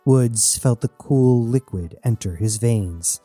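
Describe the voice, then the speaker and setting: Dark-voiced male audiobook narrator. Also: medium pitch, slightly rough, faint music behind. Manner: steady, measured storytelling.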